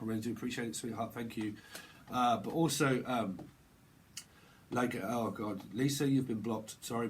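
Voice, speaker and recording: A man rambles through a live tarot reading in a casual, slangy way, repeating himself as ideas tumble out. His pitch sits in an ordinary middle range. A faint ambient hum sits behind his voice. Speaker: tarot reader.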